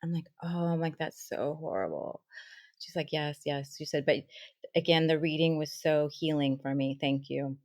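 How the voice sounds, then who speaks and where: A woman with a low voice on a close, dry podcast mic. She tells a story with lively turns, dropping into soft asides and acting out the voices of the people she met. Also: normal speed, no room sound. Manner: animated storyteller, acts out quoted dialogue, soft asides. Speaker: spiritual teacher and medium, guest.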